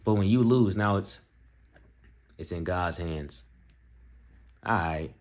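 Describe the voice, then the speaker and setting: A man's voice: deep voice, slow, a little mellow. A young man hosting a reaction video, mocking bluntly in casual slang.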